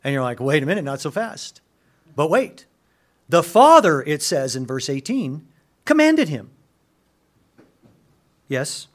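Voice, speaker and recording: A man preaching a sermon, dropping to hushed low asides and rising to loud, emphatic peaks, acting out quoted dialogue in lively voices. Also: measured pace, long pauses. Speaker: pastor.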